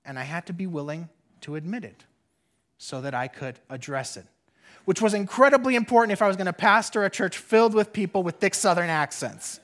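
An adult pastor preaching a sermon in an earnest way, repeating phrases for emphasis and often dropping to a soft, quiet voice. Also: medium pitch, lively intonation, fairly quick.

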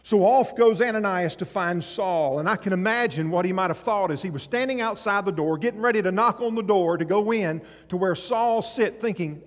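Lively pastor, male, high voice, dramatizing scripture; church hall echo. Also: normal speed, hardly any pauses. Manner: animated, acts out voices in scripture, rises and drops in volume. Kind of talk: sermon.

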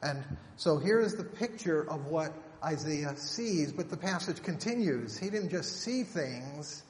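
Brief: male preacher, emphatic sermon delivery, drawn-out scripture quotes, reverberant sanctuary sound. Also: on the high side, animated. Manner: emphatic, rhetorical questions, slows for scripture. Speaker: pastor. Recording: echoey hall, faint room noise.

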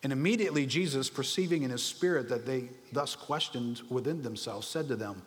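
A man preaching a sermon in an animated, conversational way, often asking the audience rhetorical questions. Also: mid-range voice, brisk, big-room sound. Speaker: pastor.

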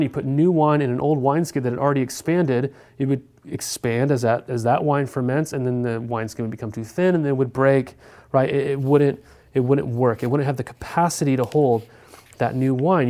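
A man's voice: medium pitch, warm tone. A male pastor giving a sermon in a conversational way, often checking in with his listeners by asking "right?".

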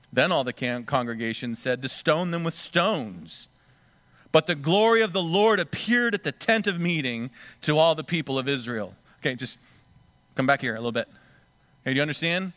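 A man's voice: on the high side, animated, moderate pace, fairly bright tone, no echo. A man preaching a sermon, acting out the scripture voices dramatically. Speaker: pastor.

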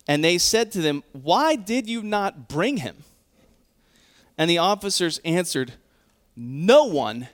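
Pastor guy preaching, slightly higher voice, earnest and emphatic, quotes scripture a lot. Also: a bit bright, clear, resonant tone. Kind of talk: sermon.

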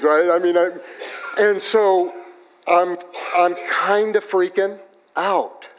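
A man preaching a sermon, telling a personal story in an animated way that swings from loud to hushed, in a church. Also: high-pitched, takes it slowly, pauses often, slight background noise. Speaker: pastor.

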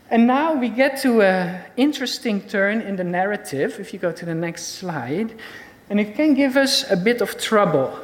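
A woman preaches in a church, working through a Bible passage with slides. She speaks with emphasis and repeats key words to drive them home. Her voice has a middle pitch for a woman and carries a long reverb from a large hall. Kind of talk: Bible teaching sermon with slides.

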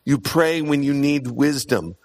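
A man preaching a sermon in an earnest way, repeating key points for emphasis and often pausing on "uh". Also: mid-range voice, expressive, a little mellow. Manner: earnest, emphatic repetition, frequent "uh" fillers.

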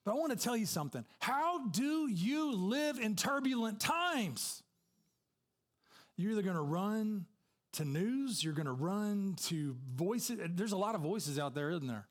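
A man preaching a sermon as a pastor, telling a personal story in a conversational way with asides to the congregation. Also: high-pitched.

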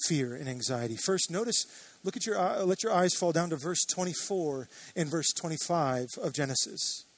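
A pastor delivers his sermon in a high, light male voice. He speaks earnestly and builds toward emphatic, insistent declarations. The sound is dry and close, with little room around it. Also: no room sound.

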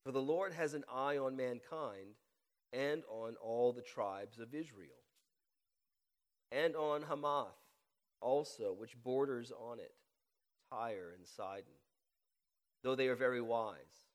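A man with a head cold preaching a sermon, reading scripture aloud with a deliberately slowed cadence and praying. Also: medium pitch, long reverb tail. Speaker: pastor. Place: church sanctuary.

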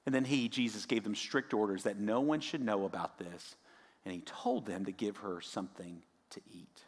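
A male pastor preaching a sermon, swinging from raised emphasis down to hushed, near-whispered lines. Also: on the low side, moderate pace, in a large hall.

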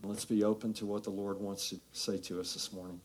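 A man with a low, even voice gives an earnest announcement to a congregation. His tone stays level as he thanks them with gratitude. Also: fast, very noisy. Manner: earnest, grateful. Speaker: church leader making announcements. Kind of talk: church announcement.

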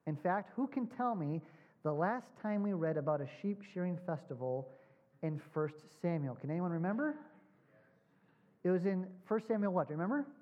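A man preaching a sermon. He asks his congregation questions, repeats points with emphasis and slows down on key words. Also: sits high, lively intonation. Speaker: pastor. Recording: dull lo-fi sound.

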